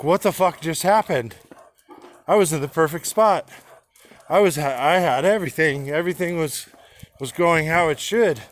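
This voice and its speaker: A man speaking candidly to his own camera, halting with restarts and casual swearing, in an inspirational personal monologue. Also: on the high side. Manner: halting, with frequent restarts and fillers.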